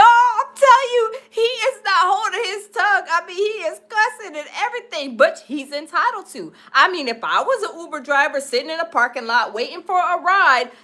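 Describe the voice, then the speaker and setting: A woman hosting a live stream, chatting casually and laughing as she reacts to a video for her viewers. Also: very high-pitched. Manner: animated, laughing, addresses viewers as y'all.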